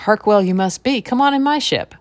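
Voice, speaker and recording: A woman's voice: medium pitch, a little fast, no echo, voice pushed up, lightly acted. Woman voicing Jack, the bold folk-tale hero. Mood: hearty greeting. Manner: folksy Appalachian tall-tale speech. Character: bold young male adventurer, cheerful and sure.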